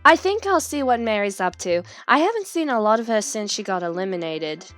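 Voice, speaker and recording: A woman hosting a casual gameplay commentary, chatty and excitable in her reactions. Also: mid-range voice, fairly quick, dry recording, faint music behind. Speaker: gaming channel host.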